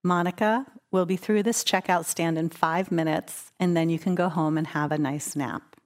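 A woman voicing a calm, patient young mother who talks in a soothing, serene way, in a story she tells. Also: fairly low pitch, moderate pace, natural voice.

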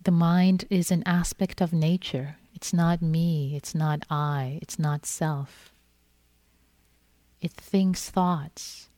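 A woman meditation teacher giving a gentle, repetitive dharma talk in which she acts out inner thoughts. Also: low-pitched, steady tone, slow pace, no echo. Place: meditation hall.

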